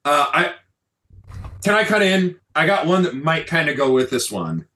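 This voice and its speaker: A man's voice: on the high side, moderate pace. A man co-hosting a casual news podcast, reading stories aloud and swearing often in between. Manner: profane, animated, cuts in apologetically. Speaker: podcast co-host.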